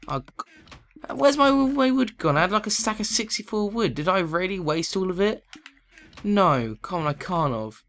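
A man giving excitable let's play commentary, chatting to the animals in the game. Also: high-pitched, moderate pace, a little hiss or hum.

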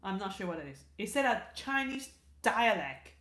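A woman's voice: medium pitch, big pitch swings, normal speed, fairly bright tone, reverberant. A woman hosting a casual livestream, reading viewer comments aloud in a chatty way, repeating words and restarting sentences. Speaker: livestream host.

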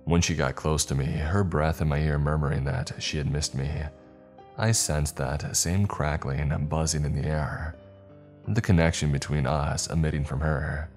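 A man narrates a horror story in a measured, ominous tone, his voice sitting extremely low. Faint background music plays underneath the reading. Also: steady tone, darkish tone.

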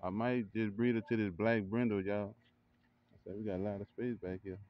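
A man vlogging casually in a backyard, hyping up what he sees with excited cheers and frequent laughs. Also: lowish voice, brisk, lo-fi sound, slight background noise. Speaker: vlogger and kennel owner. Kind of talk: casual hype commentary. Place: outdoor backyard by a grill.

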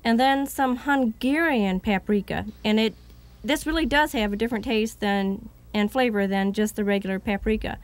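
A woman's voice: on the high side, moderate pace. A woman demonstrating a recipe on a TV cooking segment, explaining each step plainly with occasional light laughs. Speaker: guest cook.

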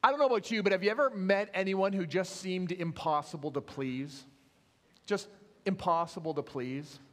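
Pastor guy preaching, a bit high, long church echo. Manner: measured, earnest, dropping softly at phrase ends. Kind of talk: sermon. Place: church sanctuary. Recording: echoey church hall.

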